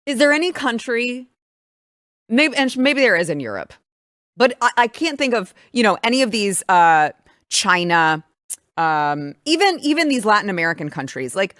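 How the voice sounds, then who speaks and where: A woman's voice: mid-range voice, big pitch swings, normal speed, a bit bright, no room sound. Emphatic woman host, dry sound. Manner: emphatic, indignant, rambling. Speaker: show host. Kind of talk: casual political chat.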